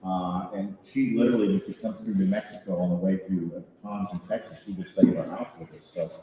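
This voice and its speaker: A man in his sixties, a voice actor on a convention panel, telling animated, self-mocking stories with chuckles. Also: sits low, quick pace, highs cut off, heavy background noise. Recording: echoey hall picked up from far off.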